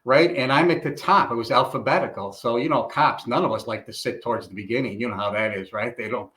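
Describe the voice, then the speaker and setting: A man's voice: mid-range voice, fast, a little hiss or hum. A middle-aged man, a retired police chief from Illinois, telling stories in a casual interview and acting out the voices of the people in them. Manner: animated storyteller, acts out quoted dialogue.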